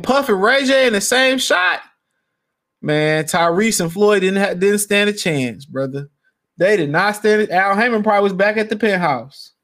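A man hosting a podcast, ranting casually with profanity and frequent laughter. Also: high voice. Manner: profane, laughing, animated rant. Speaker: podcast host. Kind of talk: casual commentary.

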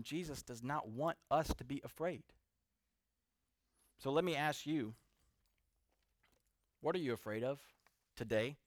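A man preaching a sermon to a seated congregation, earnest, building to emphatic peaks and then dropping soft. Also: medium pitch, dry recording, clean studio sound. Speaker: pastor.

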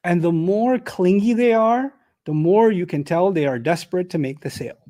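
A man with a notably high-pitched voice teaches a lesson of Quran commentary. He talks in an animated way, throws rhetorical questions at his listeners, and breaks into recited Arabic verses. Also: normal speed. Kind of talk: tafsir lecture.

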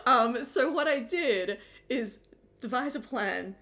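A woman's voice: a little high, lively intonation, takes it slowly, pushed and bright. A woman co-hosting a casual podcast chat, telling stories in a giggly, self-mocking way. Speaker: podcast co-host.

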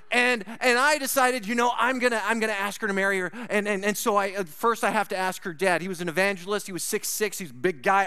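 A man tells a personal story from the pulpit in a high, bright, smooth voice. He talks to the congregation directly, dropping to a hush and then rising again. The sound is close and dry. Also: no echo. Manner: animated, swinging from loud to hushed. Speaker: pastor. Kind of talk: sermon.

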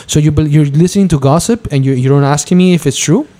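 A middle-aged man with a slightly high but warm, dark voice hosts a casual podcast. He tells a story with heat and jumps into higher voices to mimic the people in it. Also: fast talker. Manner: heated, animated storytelling, mimics others in a higher voice. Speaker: podcast host. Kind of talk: casual chat.

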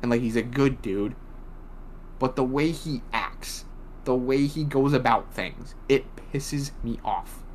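A man's voice: medium pitch, a little slow, a little mellow, a little hiss or hum. A young man co-hosting a casual chat, retelling events bluntly with swearing and rambling asides. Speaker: podcast co-host. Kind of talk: casual wrestling recap chat.

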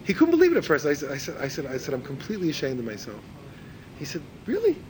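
A man's voice: wildly swooping pitch, rapid-fire, poor audio. A man giving an informal religious lecture who repeats words as he searches for phrasing and acts out the people he quotes. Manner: acts out quoted speakers in a higher voice. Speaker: religious teacher.

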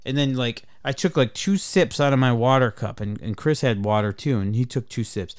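Brief: podcast host, man, animated profane storyteller, dry close sound. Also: medium pitch, moderate pace, dry recording. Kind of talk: casual chat, storytelling.

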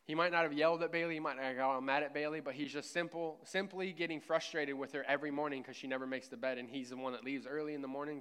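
A male pastor delivers a sermon in a relaxed, conversational tone, often pausing to ask his listeners "right?". His voice sits a little high for a man and comes through smooth and clear. He preaches from a church. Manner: conversational, frequent "right?" check-ins.

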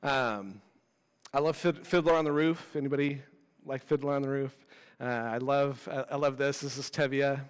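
A man in his thirties preaching a casual, animated sermon with self-deprecating asides. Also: medium pitch, moderate pace, clear, resonant tone, big-room sound. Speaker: pastor. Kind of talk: conversational sermon.

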